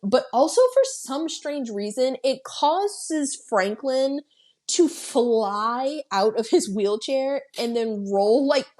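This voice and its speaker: A woman with a high-sitting, slightly mellow voice talks slowly as she hosts a podcast. She recaps a horror film's plot in a casual, blunt way, swearing freely and laughing along.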